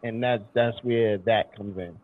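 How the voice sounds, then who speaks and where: A man's voice: fairly low pitch, steady tone, measured pace. A man hosting a casual chat, laid-back, drawling and repeating himself as he reads a list. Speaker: podcast host. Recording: husky voice over a tinny phone-like line.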